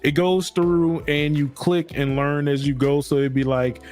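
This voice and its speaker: A man's voice: on the high side, flat delivery, measured pace, a little mellow. A man co-hosting a podcast, joking and laid-back, with a slangy way of talking. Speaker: podcast co-host. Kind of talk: casual chat.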